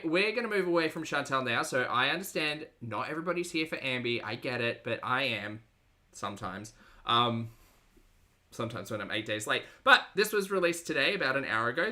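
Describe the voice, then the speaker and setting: A woman's voice: rumbling low, sharp tone. A woman hosting a livestream reaction show, chatty and sarcastic as she reads out chat messages. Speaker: reaction channel host.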